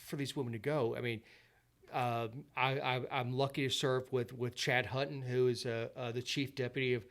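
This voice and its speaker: A man's voice: mid-range voice, little pitch movement, moderate pace, a bit bright. Earnest, stammering man. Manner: repeats words and restarts often. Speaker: podcast guest. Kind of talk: earnest conversational storytelling.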